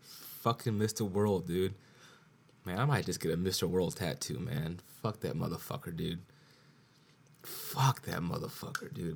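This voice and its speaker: A man's voice: low-pitched, unhurried, gravelly, darkish tone, breathy edge. A tipsy man hosting his own podcast, rambling in a profane solo rant that keeps repeating itself. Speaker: podcast host.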